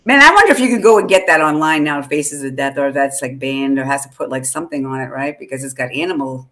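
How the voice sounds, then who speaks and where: A woman co-hosting a casual fan podcast, chatty and quick to laugh, with many fillers. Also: a bass voice, animated, a bit bright. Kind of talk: casual chat.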